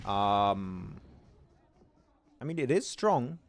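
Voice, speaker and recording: Here the English esports caster's voice is lowish, his words drawn out, and the recording is dry. The young man excitedly commentates a mobile esports match on a livestream, responding to plays and reading chat aloud.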